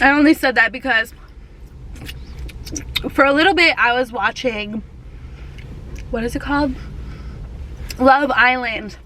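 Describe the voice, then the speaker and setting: Young woman from texas, bright high voice, rambly chat in her car, faint hum behind. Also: unhurried, pauses often. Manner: rambling, chatty storytelling with many fillers. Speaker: vlogger. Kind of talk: casual car mukbang chat. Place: parked car.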